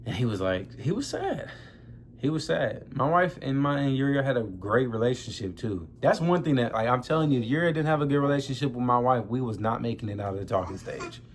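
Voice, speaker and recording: Young man, mid-pitched, grieving vlogger telling a story in slangy talk, faint background hum. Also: fast talker, hardly any pauses. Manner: loose, conversational slang, addresses viewers as y'all. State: grieving, close to tears. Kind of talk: emotional personal storytelling to camera.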